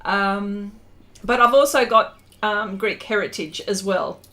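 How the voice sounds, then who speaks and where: A woman's voice: mid-range voice, steady tone, takes it slowly, sharp tone, slight background noise. A middle-aged Australian woman hosting an art livestream, chatting casually and laughing often while reading out viewer comments.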